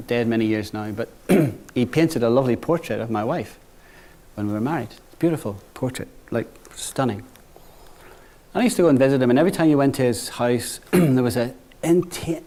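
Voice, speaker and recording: Speaking at medium pitch, a middle-aged man from banking addresses new graduates in a conversational business talk. He keeps asking "right?" and drops his voice for anecdotes.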